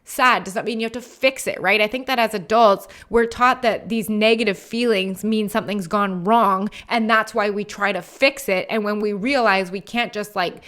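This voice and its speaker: A woman's voice: medium pitch, steady tone, moderate pace, hardly any pauses, fairly bright tone. A woman in her thirties hosting a solo podcast, talking earnestly and encouragingly, with frequent "like" and "right?". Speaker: podcast host.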